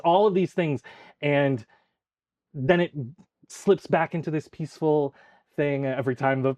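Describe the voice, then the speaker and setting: A man's voice: a little high, a little mellow, dry recording. A man acting as game master, narrating scenes in vivid, descriptive detail.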